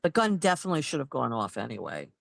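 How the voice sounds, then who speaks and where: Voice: fast, gravelly, dry recording. A host of a live film review show, chatting casually and often agreeing with short replies and laughs. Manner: agreeable, frequent "right" and laughs, lively pitch. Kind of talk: casual live recap chat.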